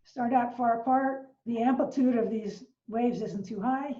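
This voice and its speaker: A woman's voice: fairly high pitch, unhurried, warm tone. An older woman, an astronomy professor, giving an informal science lecture from her living room, explaining patiently with fillers and restarts. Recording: roomy, distant, dull home recording.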